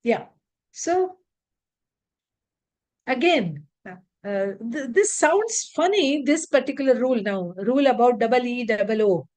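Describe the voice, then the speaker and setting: A woman gives an English pronunciation lesson over a video call. Her pitch sits a little high and moves a lot. She talks slowly and deliberately as she reads out lists of words. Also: lively intonation, darkish tone. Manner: slow, deliberate, reads word lists aloud. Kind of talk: online lecture on word stress.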